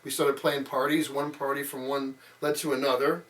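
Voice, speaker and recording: A man's voice: mid-range voice, little pitch movement, normal speed, a bit bright. Rambling older man telling stories, off-mic. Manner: rambling, many fillers, acts out quotes. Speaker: interviewee. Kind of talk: casual storytelling. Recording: voice a bit far from mic.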